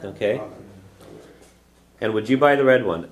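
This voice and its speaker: A man with a fairly low voice leads a classroom language lesson, explaining patiently and often checking in with "okay?" The room is echoey. Students murmur in the background. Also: a little slow, a crowd in the background. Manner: models phrases for students to repeat. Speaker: language teacher.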